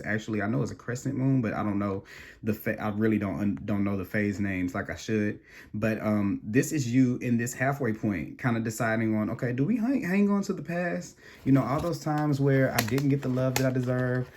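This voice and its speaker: A man's voice: mid-range voice, a little mellow. A man giving a casual tarot reading, rambling and restarting his words as he talks straight to the viewer. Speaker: tarot reader.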